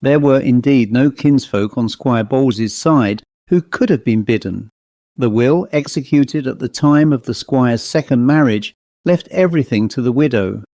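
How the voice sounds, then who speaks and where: A man reading a classic ghost story aloud in a measured, even narration. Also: medium pitch, no echo. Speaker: audiobook narrator.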